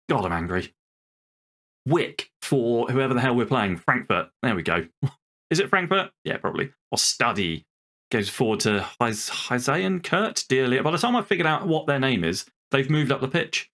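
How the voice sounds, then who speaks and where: This video game streamer is a young man whose voice is a little high and a bit bright. He casually narrates his football management game, cursing in frustration as he addresses himself and his squad.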